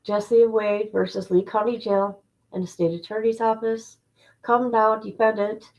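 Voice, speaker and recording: A woman hosting a casual livestream in a voice of middling pitch. She greets her viewers by name, then reads a court filing aloud and breaks off with chatty asides. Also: flat delivery, a little slow, a little mellow, low-quality recording. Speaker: livestream host. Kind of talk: casual livestream chat and document reading.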